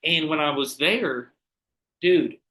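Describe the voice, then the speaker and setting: Bright-voiced, animated podcast host. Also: male voice, a little high, takes it slowly. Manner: animated, profane storytelling. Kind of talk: casual chat.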